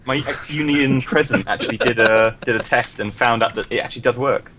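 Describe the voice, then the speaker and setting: A man co-hosting a casual gaming livestream, tossing in jokey, quick asides. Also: mid-range voice, over a noisy crowd.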